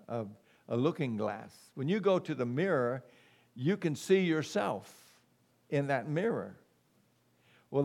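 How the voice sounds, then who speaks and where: A middle-aged man preaching a sermon as pastor, emphatic and calling for "amen" from the congregation. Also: fairly high pitch. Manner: slow, emphatic preaching with call-and-response "amen".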